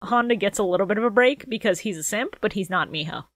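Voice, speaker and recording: A woman co-hosting a casual podcast chat, profane and quick to laugh, with animated outbursts. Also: medium pitch, dry recording. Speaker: podcast co-host.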